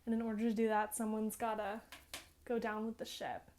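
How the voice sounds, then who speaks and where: A woman's voice: on the high side, completely flat delivery, brisk, a little mellow, a little hiss or hum, close to an everyday voice. A woman voicing a heroic young male engineer, earnest and protective, while retelling a game's story. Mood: resolute.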